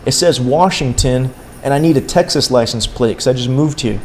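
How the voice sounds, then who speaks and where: A young man quoting a shy young woman who speaks halting, simple broken English, close to his own voice. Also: mid-range voice, darkish tone, slight background noise, natural voice.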